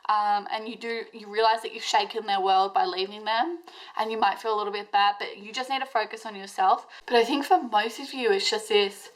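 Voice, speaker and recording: A woman's voice: medium pitch, steady tone, brisk, low-quality recording. A woman giving a pick-a-card tarot reading, talking straight to her viewers in an emotional, intense and reassuring way, with plenty of fillers. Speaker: tarot reader.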